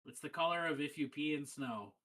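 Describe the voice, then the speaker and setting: A man's voice: on the high side, a little fast, fairly bright tone. A man guesting on a stream, trading playful, crude jokes in casual banter.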